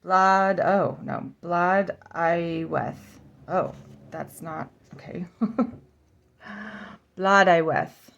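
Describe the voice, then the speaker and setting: A woman with a low, heavily gravelly voice hosts a casual oracle deck flip-through vlog, speaking slowly with fairly even intonation and a fairly bright tone. She sounds out each name and corrects herself, adding musing, giggly asides, and the recording is muffled.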